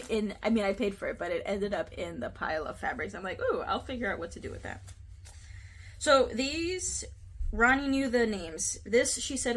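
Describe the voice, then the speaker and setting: An American woman vlogging about her craft trip in a loose, chatty way. She giggles often and keeps talking through fillers and restarts. Her voice sits at an ordinary middle pitch. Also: husky. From United States. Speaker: cross-stitch vlogger. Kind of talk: casual chat to camera.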